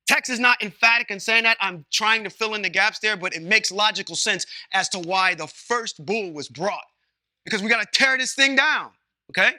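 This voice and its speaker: Man, bright tense voice, dry close sound, informal bible teacher, asks class questions, folksy comparisons. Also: high voice, moderate pace, no room sound. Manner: conversational, asks the class questions, checks in with "Okay?"; uses folksy everyday comparisons.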